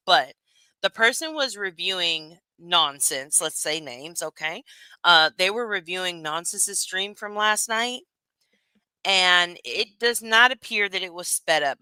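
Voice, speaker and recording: A woman streamer chatting casually to her viewers, gossipy and loose, with lots of fillers and quick asides. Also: lowish voice, sharp tone, smooth, no echo.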